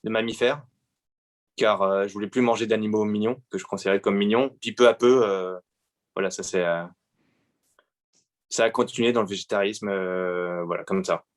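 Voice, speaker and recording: A man in his forties from France, a guest artist answering interview questions with many pauses and fillers. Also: on the low side, fairly even intonation. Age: 40s.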